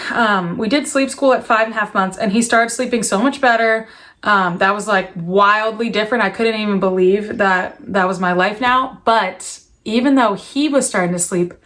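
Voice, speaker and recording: A woman's voice: on the high side, fairly bright tone. Earnest young mother vlogging. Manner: candid and earnest, many fillers and restarts. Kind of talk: personal confessional vlog.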